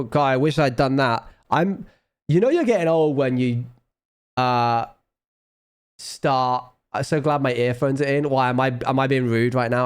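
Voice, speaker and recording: Under-the-weather male streamer, casual rambling chat, self-mocking, mid pitch. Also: clean tone. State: ill, low on energy. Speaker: live streamer.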